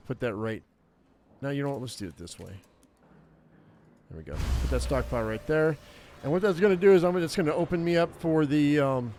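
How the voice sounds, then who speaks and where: A man talking his way through a game as he plays, with easygoing, rambling commentary full of ums and restarts. His voice sits at an ordinary middle pitch. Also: darkish tone, a little hiss or hum. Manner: rambling, filler-heavy, thinking aloud. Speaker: gaming YouTuber. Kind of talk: gameplay commentary.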